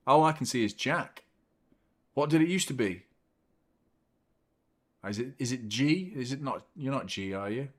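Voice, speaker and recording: A man hosting a live football watchalong, commenting on the match, chatting to viewers and swearing freely. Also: mid-range voice. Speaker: host of a football watchalong stream.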